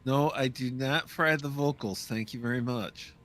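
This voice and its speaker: A man with a middling-pitched voice chats during an online game. He drops wry, offhand quips between the others' jokes. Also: normal speed, a bit bright, slight background noise. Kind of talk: casual chat while gaming online.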